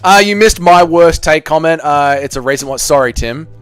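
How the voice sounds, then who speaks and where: A man's voice: on the high side, expressive, moderate pace, a bit bright, clean tone, no room sound, faint music behind. Profane, bantering male livestream host. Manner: profane, bantering, self-mocking. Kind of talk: casual livestream chat reading comments.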